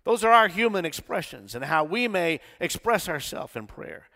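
Animated preacher in a reverberant church. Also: male voice, high-pitched, normal speed, gravelly. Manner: call-and-response preaching, swings from quiet to shouting. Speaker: pastor. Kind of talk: sermon. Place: church sanctuary.

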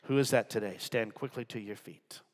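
A man preaching a sermon to a congregation, dropping to hushed whispers and rising to loud, emphatic passages. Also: fairly low pitch, normal speed. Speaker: pastor. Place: large church with balcony. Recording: long hall reverb.

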